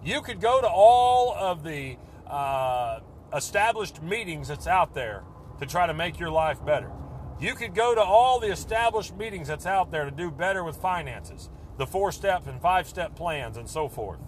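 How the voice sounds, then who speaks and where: Man preaching hard, kinda high voice, repeats himself, gets loud then quiet, a little car noise outside. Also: animated, normal speed. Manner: fervent, repetitive, rising and dropping to a hush. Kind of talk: sermon.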